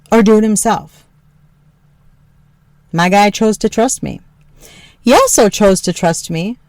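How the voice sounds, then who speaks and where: A woman's voice: darkish tone, no room sound. Frank, joking woman host with a dry sound. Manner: frank, joking, swears freely, laughs often; mimics her husband in a lower voice. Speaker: podcast host. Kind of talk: candid personal storytelling.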